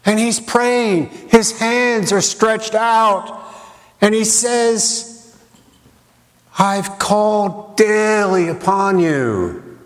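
A man's voice: high voice, drawn-out words. A man preaching a sermon in a dramatic way, with rhetorical questions and repeated lines for emphasis. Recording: long reverb of a large hall.

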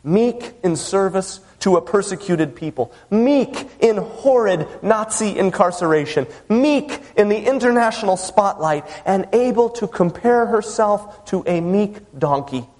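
High-voiced preacher in a reverberant hall. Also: male voice, animated, unhurried, hardly any pauses, darkish tone. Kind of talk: sermon.

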